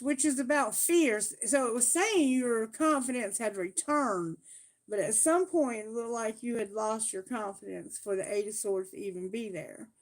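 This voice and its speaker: A woman doing a live tarot reading, talking bluntly and emphatically, swearing freely and asking Spirit questions out loud. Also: fairly high pitch. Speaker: tarot reader.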